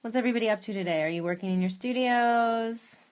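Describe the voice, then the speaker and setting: A woman's voice: fairly high pitch, quick pace, clean tone. A woman demonstrating a glass craft in her studio on a live stream, chatting casually, thinking aloud and answering viewer questions as she works.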